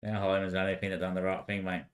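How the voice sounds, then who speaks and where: A young man rambling in casual talk, swearing, laughing often and repeating short phrases over and over before trailing off into quiet mutters. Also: deep voice, completely flat delivery, very fast.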